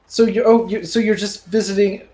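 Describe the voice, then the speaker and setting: A woman's voice: medium pitch, steady tone, a little fast, dark tone. A woman playing a tabletop game, speaking in character with curious, probing questions. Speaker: player. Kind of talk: in-character role-play.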